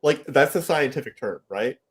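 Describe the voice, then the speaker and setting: A man's voice: mid-range voice, animated, normal speed. A man co-hosting a stream in casual chat, rambling and hedging with playful asides.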